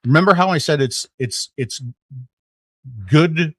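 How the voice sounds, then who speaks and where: A middle-aged man, a podcast guest, telling a story in casual conversation, animated, with lots of fillers and restarts. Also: fairly high pitch, measured pace, no echo.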